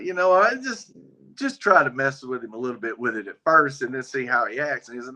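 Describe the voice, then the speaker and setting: A man's voice: medium pitch, fairly quick. A man, a guest on a faith interview show, telling a story in a casual, folksy way and acting out the dialogue. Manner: folksy, relaxed, acts out quoted dialogue. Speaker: guest, biker ministry member.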